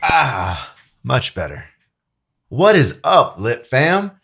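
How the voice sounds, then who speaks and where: A man's voice: mid-range voice, wildly swooping pitch, extremely slow, gravelly, a bit bright, slightly rough. A young man in an easygoing Bible lesson. He speaks loosely and chattily, full of fillers, and slips into reading scripture. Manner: loose and chatty, many "like"s, acts out quotes. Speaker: video editor presenting a Bible lesson.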